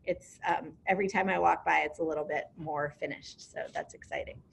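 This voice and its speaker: A woman's voice: low voice, fairly even intonation, brisk, creaky, slight background noise. A woman directing a program, speaking in a casual, upbeat way with frequent ums during an online information session.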